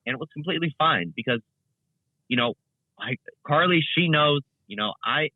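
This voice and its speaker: Animated young man on a tinny line. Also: fairly high pitch, moderate pace, no room sound. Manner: rambling, animated, many fillers and restarts. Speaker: guest content creator. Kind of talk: casual interview chat.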